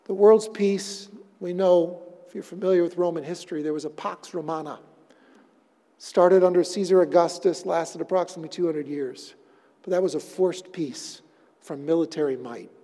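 Man preaching w a high voice, gets loud then drops to a hush, big echoey hall. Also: fairly even intonation, normal speed. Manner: swings between loud emphatic lines and hushed near-whispers. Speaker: pastor. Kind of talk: sermon.

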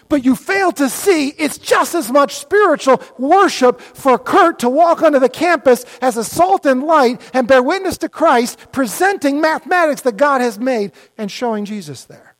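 A middle-aged male pastor giving an animated, conversational sermon full of mock dialogues. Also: very high voice, moderate pace, hardly any pauses.

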